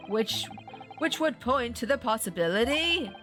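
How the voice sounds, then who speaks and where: A woman voicing a haughty, lecturing gentleman detective. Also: a little high, animated, a little slow, soft background music. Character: pompous English gentleman detective, middle-aged man.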